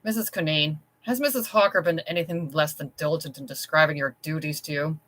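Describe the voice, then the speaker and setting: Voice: mid-range voice, a little fast, a bit bright, natural voice, rough recording. A reader voicing Montague, cold master. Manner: curt and icy. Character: cold domineering wealthy man, master of the house.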